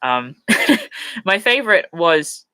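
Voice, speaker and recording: Woman hosting a casual live Q&A from her sofa, rambling, emotional, bright voice, dry close sound. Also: low voice, brisk, no echo. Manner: chatty and rambling, with many fillers and restarts; openly emotional and laughs easily. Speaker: host of a live viewer Q&A. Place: at home on a sofa. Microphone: computer mic on a livestream.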